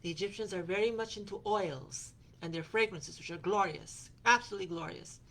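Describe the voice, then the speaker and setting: A podcast host tells the story of a personal trip in a loose, wandering way, peppering her speech with fillers and restarts and quoting people she met along the way. Her voice is mid-pitched and fairly bright, and she talks a little fast.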